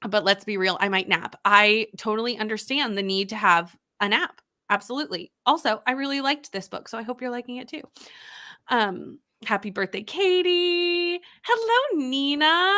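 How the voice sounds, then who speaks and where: A woman's voice: a little high, pushed and bright. A young woman hosting a casual reading livestream, chatting and greeting viewers by name as she reads their comments.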